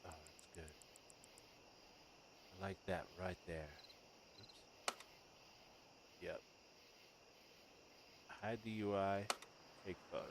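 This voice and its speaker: A man's voice: sits low, takes it slowly, long pauses, very noisy. A man streaming a game, chatting casually and joking as he plays. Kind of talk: casual gameplay commentary. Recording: voice over game music.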